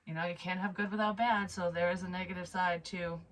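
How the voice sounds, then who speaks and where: Woman, casual vlog storytelling, frank, swears a lot, sighs, slightly low voice. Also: fairly even intonation, a little fast, fairly bright tone, low-quality recording. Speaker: psychic medium vlogger.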